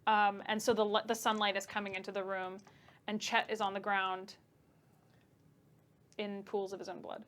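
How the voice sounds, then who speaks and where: A woman's voice: medium pitch, flat delivery, moderate pace, long pauses, fairly bright tone. A young adult woman narrating a tabletop game as game master, chatty and casual with many fillers.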